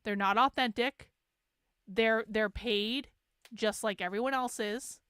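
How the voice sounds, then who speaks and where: A woman's voice: on the high side, steady tone, slow, fairly bright tone, clear, resonant tone, no echo, studio quality. A woman hosting a show, giving profane, emphatic political commentary with laughing asides. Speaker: host.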